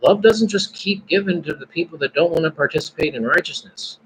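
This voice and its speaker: A man's voice: on the high side, a little fast, slight background noise, low-quality recording. A man hosting a casual live stream, musing and praying aloud between his thoughts. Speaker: podcast host.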